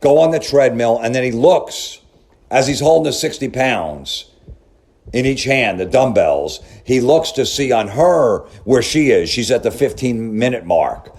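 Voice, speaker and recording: A man's voice: mid-range voice, sing-song, measured pace, a little mellow. A man tearing apart a story in a sarcastic, profane comedic rant, full of incredulous questions. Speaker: comedy commentator.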